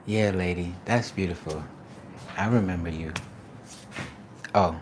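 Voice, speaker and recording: Dude livestreaming while he paints, hypes up his viewers, goes soft when he gets deep. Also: measured pace, noisy background. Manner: excited shout-outs to viewers, slangy and animated; drops to a soft, quiet reflective tone. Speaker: artist live-streaming to viewers. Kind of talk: casual livestream chat.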